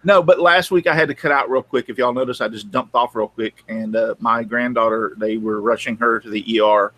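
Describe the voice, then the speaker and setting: A man's voice: medium pitch, steady tone, fairly quick, fairly bright tone. A man, a grandfather co-hosting a casual live-stream chat who rambles and repeats himself. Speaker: co-host.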